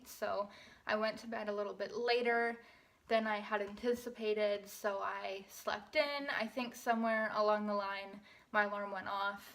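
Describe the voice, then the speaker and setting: A woman's voice: mid-range voice, fairly bright tone. Young woman chatting to camera, bit out of breath, rambles and loses her thread. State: slightly out of breath. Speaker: vlogger. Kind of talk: casual vlog chat.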